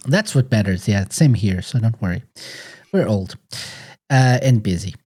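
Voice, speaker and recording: A male podcast host with a mellow, darker voice, chatting casually with his guests. He sounds relaxed and laughs easily as he talks. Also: on the low side, moderate pace, slightly rough.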